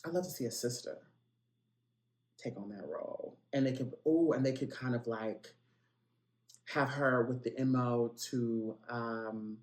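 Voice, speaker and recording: A man's voice: medium pitch, unhurried, echoey room. A man hosting a celebrity gossip podcast, chatty and playful, with lots of asides and direct calls to his listeners. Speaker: podcast host.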